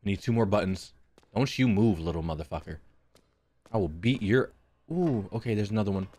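A man's voice: fairly low pitch, expressive, fairly quick, dark tone, no echo. A young man streaming a horror game, talking nervously and swearing in casual commentary. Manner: jumpy, swearing, nervous chatter to chat.

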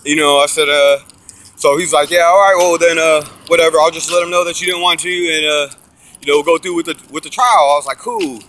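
This man's voice is a little high and a little fast as he casually recounts his own court case. Animated and preachy, he swears often, acts out other people's quotes, and sermonizes about faith.

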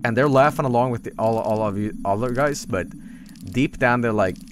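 A man's voice: medium pitch, moderate pace, background noise. A man from Sweden with a Swedish accent, casually rambling and swearing while commenting on a game stream.

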